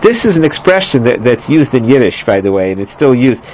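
A man's voice: mid-range voice, sing-song, brisk, darkish tone, slight background noise. A man teaching a scripture lesson, rambling with many fillers, restarts and joking asides, in a dull lo-fi recording. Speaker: Bible teacher. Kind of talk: lecture on scripture.

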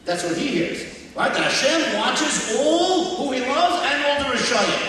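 High-voiced man preaching in an echoey hall. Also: unhurried, a little hiss or hum. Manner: animated, acts out quotes and breaks into song. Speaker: rabbi giving a talk. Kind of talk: storytelling sermon. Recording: echoey hall, distant mic, faint ambience.

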